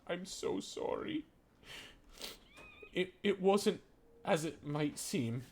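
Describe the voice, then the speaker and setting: A man's voice: lively intonation, unhurried, slight background noise. A man putting on a sobbing, stammering dwarf mother. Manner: sobbing, stammering, high-pitched pleading. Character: distraught dwarf mother, older woman, pleading.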